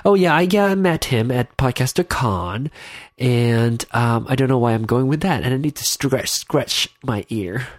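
A man's voice: mid-range voice, expressive, moderate pace, no echo, studio quality. A man hosting his own podcast in casual solo talk, his nose stuffed up, rambling and often losing his train of thought. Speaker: podcast host. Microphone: in-ear headphones with mic.

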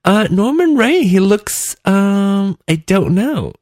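A man's voice: sits high, big pitch swings, slow, darkish tone, no room sound, clean studio sound. Giggly rambling male podcaster. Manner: rambling and giggly, lots of fillers. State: just woke up, clammy. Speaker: podcast host. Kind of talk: solo podcast chat. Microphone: desk mic at computer.

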